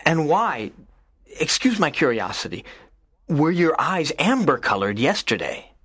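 An actor playing a nervous, curious teenage schoolboy in an audiobook drama, speaking hesitantly with stammers. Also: male voice, a little high, very animated, measured pace, fairly bright tone, husky, no room sound, clean studio sound, heavily acted.

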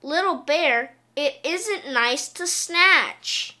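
A woman voicing a gentle, weary Daddy Bear. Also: high-pitched, animated, drawn-out words, voice pushed up, full character voice. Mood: coaxing. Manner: gentle, coaxing, sing-song. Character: patient, weary father bear coaxing his cub.

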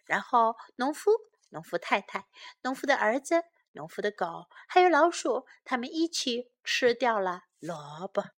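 Reading a bilingual children's story in a fairly high voice, a woman brings it to life with animated storytelling. She teaches English along the way, repeating each phrase slowly and clearly.

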